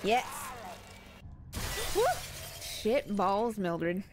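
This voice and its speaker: A woman streaming horror games, chatty and expressive and swearing freely. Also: medium pitch, takes it slowly, long pauses, background noise. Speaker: game streamer. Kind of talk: live reactions to horror games.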